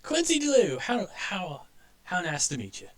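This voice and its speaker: A man voicing a jolly, hug-happy male porcupine toon in a tabletop game, with loud, gushing greetings. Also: high-pitched, huge pitch swings, normal speed, pitched above the performer's own voice, exaggerated voice. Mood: friendly. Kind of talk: tabletop role-play voice acting.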